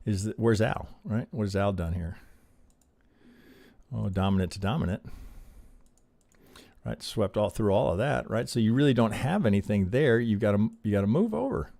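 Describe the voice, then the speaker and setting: Gravelly guy going over charts live, lots of "right?", dry close sound. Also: on the low side, lively intonation, normal speed, long pauses, warm tone, no room sound. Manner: peppers talk with rhetorical questions and "right?"; thinks aloud with restarts. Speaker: trading educator reviewing member charts. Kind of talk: live-stream chart review, casual teaching.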